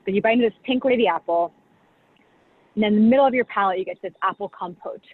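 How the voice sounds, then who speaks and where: Appearing as a guest, a champagne brand director talks casually and explains things quickly in a medium-pitched, slightly rough voice. She's chatty, leaning on "like" and "you know," and the video call sounds tinny with a faint hiss.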